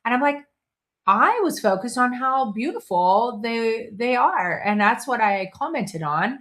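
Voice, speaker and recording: A woman's voice: fairly high pitch, expressive, moderate pace, fairly bright tone. A middle-aged woman hosting a casual motivational talk, conversational, restarting her sentences and slipping into playful quoted voices. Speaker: host.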